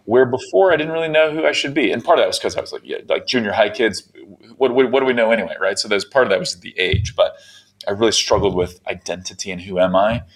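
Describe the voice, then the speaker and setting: A man's voice: lowish voice, fast talker. A middle-aged American man with an American accent, a podcast guest talking earnestly about faith in a casual conversation. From United States. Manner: earnest, searching, with many restarts and laughs.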